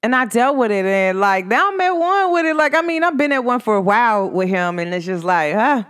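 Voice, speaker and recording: A woman vlogger telling a personal story in a casual, rambling way, full of "like" and sudden swings of pitch. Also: expressive, brisk, fairly bright tone, clean tone. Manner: rambling, heavy use of "like", pitch swings up and down sharply.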